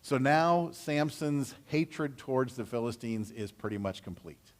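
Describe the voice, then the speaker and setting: A man's voice: mid-range voice, lively intonation, a little slow. Man preaching a casual sermon. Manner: conversational storytelling, acting out voices. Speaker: pastor. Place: church sanctuary.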